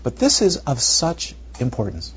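A male meditation teacher giving a dharma talk, animated and rhetorical, sometimes dropping to near whispers, on a muffled recording. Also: mid-range voice, measured pace. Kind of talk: dharma talk to retreat students. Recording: muffled lo-fi recording with faint noise.

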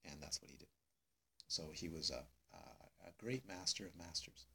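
A male meditation teacher giving a dharma talk to students, emphatic and unhurried, repeating phrases with many pauses. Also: low voice, animated, gravelly, sharp tone, husky. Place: meditation hall.

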